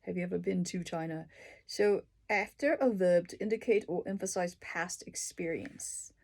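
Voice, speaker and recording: A woman reading through dictionary entries and explaining each one with everyday examples, in an unhurried, casual way. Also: fairly low pitch. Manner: unhurried, explaining words with examples, soft asides. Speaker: language tutor.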